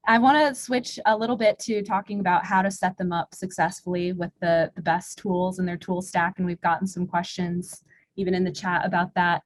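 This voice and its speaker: A woman's voice: lowish voice, no echo. A woman moderating a webinar, recapping answers in an upbeat way over a video call.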